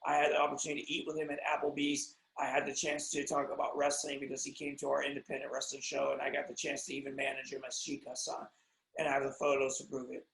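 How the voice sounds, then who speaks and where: An American man hosting a wrestling podcast, talking in a casual, rambling monologue that jumps between loud excited bursts and low asides, often interrupting himself. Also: quick pace, creaky, roomy sound, poor audio. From United States.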